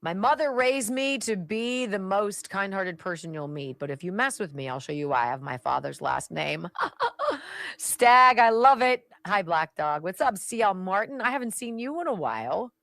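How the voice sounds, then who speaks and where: A woman's voice: lowish voice, animated, normal speed, few pauses, fairly bright tone, no room sound. A woman hosting a talk radio show, giving sarcastic political commentary and chatting with her live audience. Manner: sarcastic and chatty, drops to asides.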